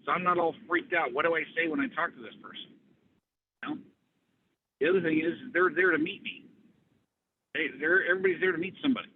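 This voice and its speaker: A man coaching on a group call, talking in an animated, conversational way. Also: a little high, fast talker, long pauses. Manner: animated, conversational, acts out dialogue. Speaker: business coach. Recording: tinny phone-like line, faint hiss.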